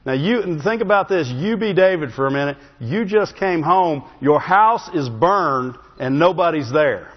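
The recording is a bit dull, and a long reverb fills the sanctuary as a high-voiced, slightly rough-sounding pastor preaches. Animated and barely pausing at a normal speed, he tells the story in a funny, conversational way and keeps asking "Amen?"

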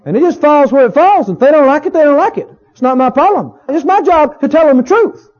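Brief: a pastor putting on a smug preacher, high and sing-song, self-justifying, on a muffled old tape. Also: male voice, expressive, a little fast. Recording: dull lo-fi recording.

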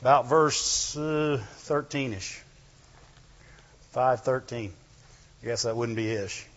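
A man preaching a sermon, animated and full of rhetorical questions, breaking into "Glory to God" again and again. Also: mid-range voice, slow pace, a little hiss or hum. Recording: dull lo-fi sound in a reverberant hall.

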